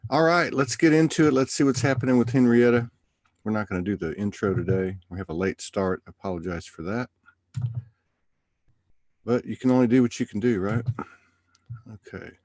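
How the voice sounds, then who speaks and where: A man's voice: medium pitch, normal speed, long pauses, darkish tone, no room sound. Rambling casual male host. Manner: loose, rambling, chatty. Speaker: livestream host. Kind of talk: casual spiritual chat.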